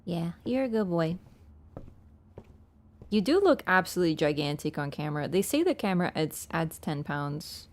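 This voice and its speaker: A woman's voice: lowish voice, lively intonation, moderate pace. Playful woman streamer chatting. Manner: playful, chatty, talks to her cat and laughs. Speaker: game streamer. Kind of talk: casual live-stream chat. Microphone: wearing an earbud headset.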